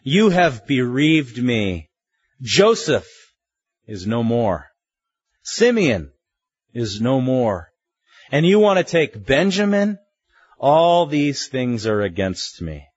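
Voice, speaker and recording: A man's voice: mid-range voice, very animated, takes it slowly, long pauses, no echo, lo-fi sound. A preacher voicing a grieving old father. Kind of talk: sermon.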